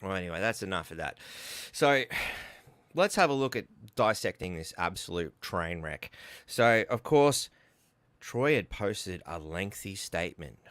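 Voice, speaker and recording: A man's voice: sits low, very animated, measured pace, fairly bright tone, no room sound. An Australian man hosting a podcast, delivering an angry, profane commentary rant. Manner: profane, insulting, heated. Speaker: podcast host.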